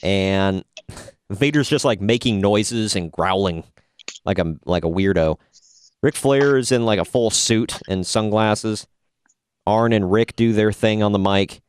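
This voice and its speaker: A man's voice: lowish voice, a little slow, clean tone, dry recording, studio quality. A man hosting a casual podcast, recapping wrestling matches with jokey, sarcastic asides. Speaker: podcast host reviewing wrestling. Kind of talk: casual review chat.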